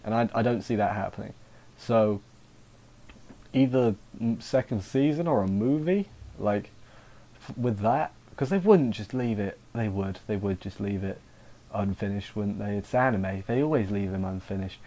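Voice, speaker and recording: Mellow-voiced man rambling wryly. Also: lowish voice, normal speed. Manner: rambling, self-interrupting, wry. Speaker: anime reviewer. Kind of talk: casual episode recap.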